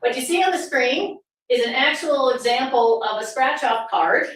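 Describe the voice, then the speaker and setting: This political summit speaker's voice is high and a bit bright, with lively intonation and a normal pace. She presents to a meeting-room audience in a sarcastic style, firing off rhetorical questions. The recording comes from a distance in a heavily echoing room, with faint noise underneath.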